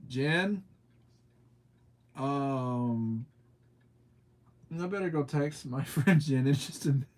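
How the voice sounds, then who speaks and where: A man's voice: mid-range voice, slow pace, darkish tone. Laid-back Southern streamer man. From southern United States. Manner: laid-back, drawling, answers chat comments with frequent laughter. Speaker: livestreamer. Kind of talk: casual live stream chat.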